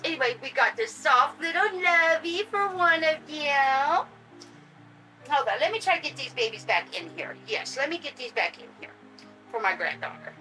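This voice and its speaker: Older woman, excitable unboxing vlogger, high voice, faint music under. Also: moderate pace, rough recording. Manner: gushing, excitable, talks to her audience and pets. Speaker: vlogger unboxing reborn dolls. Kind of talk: casual unboxing vlog.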